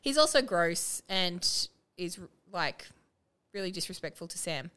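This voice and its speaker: A woman's voice: lowish voice, expressive, measured pace, a bit bright, clean tone. A woman co-hosting a podcast, chatting casually and animatedly as she recaps a TV show and quotes its characters. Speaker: podcast co-host.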